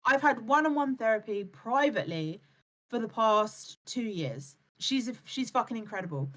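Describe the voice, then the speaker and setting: Brief woman live streamer, fairly high voice, blunt and profane, lectures hard. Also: expressive, normal speed, fairly bright tone. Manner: blunt, swears a lot, lectures and mimics others. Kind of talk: heated live-stream chat.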